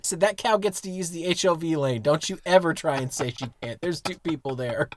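A man's voice: a little high, brisk, a little hiss or hum. A man co-hosting a podcast, making crude, playful jokes in casual chat. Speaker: podcast co-host.

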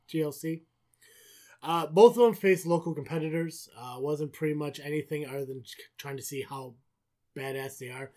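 A man co-hosting a podcast, recapping wrestling in casual chat, swearing often and sarcastic. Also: medium pitch. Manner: profane, sarcastic, rambling. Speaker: podcast co-host.

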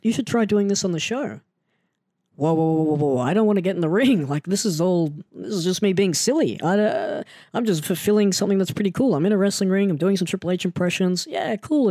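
Animated self-mocking male storyteller. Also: no echo, clean studio sound. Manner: animated, self-mocking, jumps into excited higher pitch. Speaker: storyteller recounting his wrestling start. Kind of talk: casual storytelling monologue.

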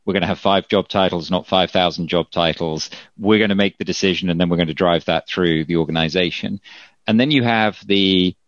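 A man hosting an interview, summarising points in long, measured questions over a remote call. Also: low voice, no room sound. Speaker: host. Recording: dull lo-fi remote audio.

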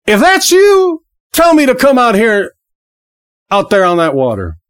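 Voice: medium pitch, huge pitch swings, measured pace, clear, resonant tone, pitched above the performer's own voice. A preacher voicing the apostle Peter as an impulsive man, calling out eagerly in a raised voice during a sermon. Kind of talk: acted quote in a sermon.

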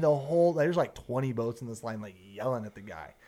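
A young man who works as a fishing guide, telling a story in casual podcast talk, animated and swearing freely. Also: mid-range voice, fairly quick, hardly any pauses. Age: young adult. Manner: animated, swears often, acts out quotes.

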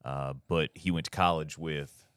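A man's voice: very deep voice, steady tone, normal speed, fairly bright tone, smooth, no room sound, clean studio sound. A man co-hosting a casual podcast, giving blunt, profane opinions. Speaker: podcast co-host. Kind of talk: casual chat.

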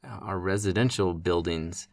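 A man in a casual podcast discussion, relaxed and easygoing, given to jokes. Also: deep voice, unhurried, slight background noise.

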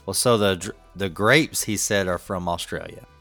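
Deep-voiced middle-aged man, rambling chat. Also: normal speed, fairly bright tone, soft background music. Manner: rambling, chuckling storyteller. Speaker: podcast co-host. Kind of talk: casual chat.

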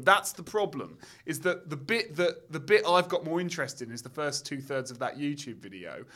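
A man's voice: medium pitch, fairly bright tone. A man casually discussing a film, ranting with lots of fillers and restarts. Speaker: podcast co-host, film critic.

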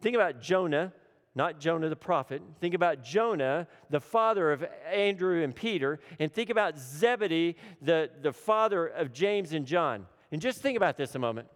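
A man preaching a sermon with dramatic swings between urgent, loud lines and hushed, low ones, repeating phrases for emphasis. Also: expressive, normal speed. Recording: long hall reverb.

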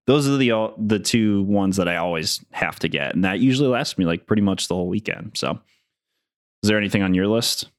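A man co-hosting a casual chat, talking in an easygoing, relaxed way. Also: fairly low pitch, brisk, no echo, clean studio sound. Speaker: podcast co-host.

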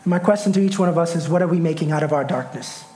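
A man pastor preaching a sermon, emphatic and repeating key phrases, swelling up to shouts. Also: on the high side, fast talker, slight background noise.

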